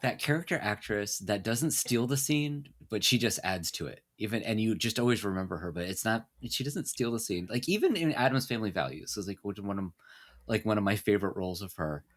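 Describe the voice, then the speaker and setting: A man's voice: lowish voice, lively intonation, brisk. A man co-hosting a casual film podcast, talking earnestly and with enthusiasm. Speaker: podcast co-host.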